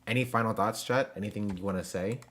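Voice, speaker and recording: Low-voiced young man streaming. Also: quick pace, fairly bright tone. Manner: loose and joking, talks to chat with slang and fillers. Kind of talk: casual live-stream chat. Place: home.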